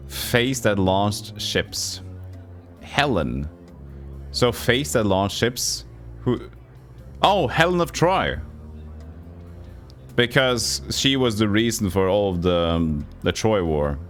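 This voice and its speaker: Norwegian male streamer, lowish voice, slow and halting, talks puzzles through aloud. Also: expressive, a bit bright, soft background music. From Norway. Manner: thinking aloud, halting, self-correcting. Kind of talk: live game commentary.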